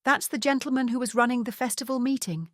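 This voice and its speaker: A woman voicing a formal, old-fashioned gentleman ghost who speaks in a grave, measured way in an audiobook. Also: fairly high pitch, dry recording, studio quality, pitched above the performer's own voice, close to an everyday voice.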